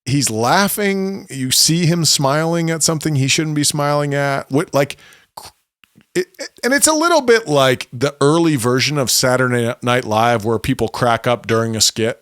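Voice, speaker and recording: A man co-hosting a podcast in casual chat, animated and often laughing as he retells scenes. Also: mid-range voice, normal speed, clean tone, dry recording, studio quality. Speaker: podcast co-host.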